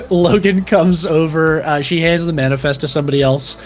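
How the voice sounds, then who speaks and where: A man's voice: a little high, steady tone, moderate pace, soft background music. A young man as game master, narrating a tabletop game in a rambling way full of fillers.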